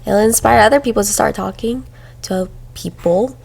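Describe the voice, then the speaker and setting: A young woman co-hosting a podcast, talking in a soft, reassuring and comforting way. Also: mid-range voice, normal speed, creaky, noisy background. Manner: soothing, reassuring, soft-spoken. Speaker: podcast co-host. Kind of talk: casual heartfelt chat.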